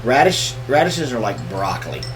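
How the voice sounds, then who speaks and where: A man's voice: mid-range voice, big pitch swings, normal speed, over loud music. A man co-hosting a casual live question-and-answer chat, joking and teasing as he talks. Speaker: co-host of homestead channel. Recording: distant mic with noisy background.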